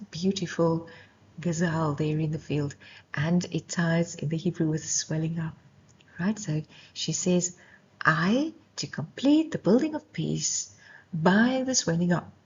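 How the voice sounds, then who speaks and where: A woman teaching a devotional Bible lesson, slow and intense, often dropping into a whisper. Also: on the low side, darkish tone. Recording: lo-fi dull recording.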